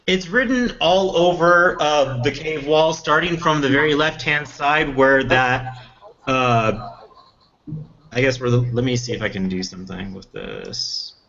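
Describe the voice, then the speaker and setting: A man's voice: mid-range voice, a little slow, a crowd in the background. A man running a tabletop fantasy game as game master, speaking hesitantly with many fillers. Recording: dull lo-fi recording.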